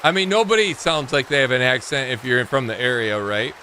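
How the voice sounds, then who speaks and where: Bright-voiced man chatting while gaming. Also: medium pitch, a little fast, slight background noise. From Michigan. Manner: rambling, talks to chat while playing. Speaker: streamer. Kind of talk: casual livestream gaming chat.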